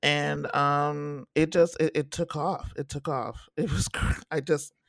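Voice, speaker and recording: Gravelly-voiced man in animated chat. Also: a little slow, no room sound, clean studio sound. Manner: animated, acts out quotes in high voices. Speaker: podcast co-host. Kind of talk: casual chat reviewing a TV series.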